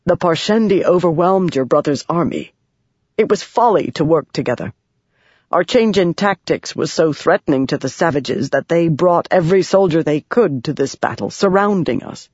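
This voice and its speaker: A narrator voicing a proud, scheming male high prince in an audiobook, speaking smoothly and formally with false sorrow. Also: expressive, normal speed, a little mellow, no echo. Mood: grave. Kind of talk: audiobook character voice. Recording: dry, dull lo-fi sound.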